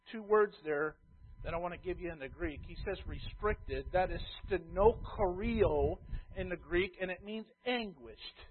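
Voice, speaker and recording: A man preaching a sermon as a pastor, emphatic, swinging between loud stress and quiet asides. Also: high-pitched, moderate pace, breathy edge. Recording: tinny phone-like sound.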